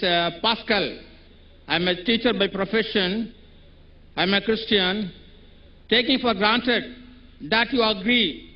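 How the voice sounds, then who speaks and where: High-voiced earnest man questioning from the floor. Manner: earnest, quotes scripture at length. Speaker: audience questioner. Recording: dull lo-fi event recording.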